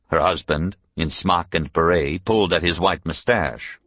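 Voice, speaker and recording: A man reading an unabridged novel as an audiobook narrator, measured and expressive. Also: low voice, no room sound, muffled recording. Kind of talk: scripted narration.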